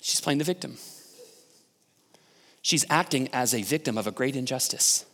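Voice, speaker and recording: Speaking at a normal speed in a mid-range, fairly bright voice, this pastor delivers his sermon in a large hall. His style is conversational, and he frequently asks the congregation questions.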